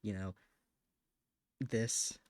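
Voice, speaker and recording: A man's voice: lowish voice, fairly even intonation, extremely slow, darkish tone, dry recording. A man at the end of a long day, drawing on a live stream and talking casually to his viewers. He is frank and a little snippy, then apologetic. The sound is dry and close. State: tired, late at night.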